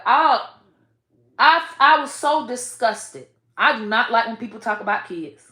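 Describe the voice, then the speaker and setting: A woman giving blunt, profane commentary with sudden loud outbursts. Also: on the high side, animated, a little slow, echoey room. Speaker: online commentator. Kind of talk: casual commentary.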